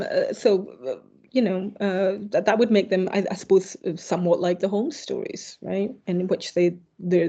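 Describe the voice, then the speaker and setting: A woman's voice: medium pitch, warm tone. A woman giving an academic keynote lecture, hesitant with fillers and self-corrections, with dry wry asides. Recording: slightly dull lo-fi recording.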